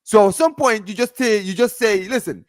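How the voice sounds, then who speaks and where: A man's voice: high-pitched, moderate pace, dry recording, clean studio sound. A man arguing about football on a casual live stream, emphatic and insistent, often repeating himself. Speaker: football fan panelist.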